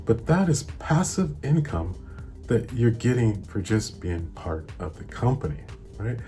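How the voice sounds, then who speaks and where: A man's voice: medium pitch, very animated, a little slow. A young man with a Hawaiian accent hosts an investing vlog, explaining things in an easygoing, chatty way and laughing often. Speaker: investing channel host. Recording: soft music behind.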